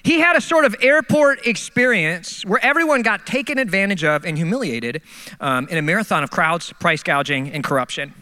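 A man preaching as a pastor, telling comic stories with animated, exasperated outbursts. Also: high-pitched, a little fast. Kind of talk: sermon.

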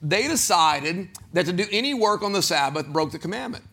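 A man preaching a sermon as pastor, animated, acting out quoted voices and putting questions to the congregation. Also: sits high, a little fast, vocal fry.

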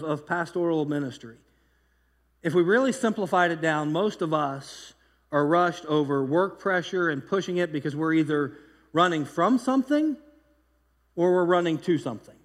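A pastor preaching a sermon in a loose, conversational way, telling stories with lively energy and frequent restarts. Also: male voice, sits high, moderate pace, big-room sound. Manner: conversational, animated storytelling with repeated restarts.

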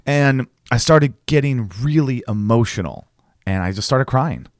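A man's voice: mid-range voice, a little slow, no room sound, studio quality. A man in his forties co-hosting a podcast, telling personal stories in a candid, joking way. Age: 40s. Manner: candid, joking, animated storyteller. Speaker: podcast co-host. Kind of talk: casual chat.

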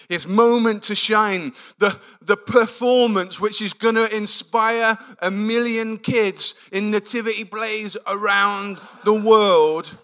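A man preaching a sermon, telling the story with animated, acted-out quotes. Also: high-pitched, slow pace.

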